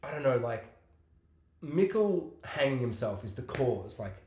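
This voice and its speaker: A man co-hosting a podcast in casual chat, rambling and halting, with casual swearing. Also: mid-range voice, very animated, a little mellow, a little hiss or hum. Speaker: podcast co-host. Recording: roomy echo.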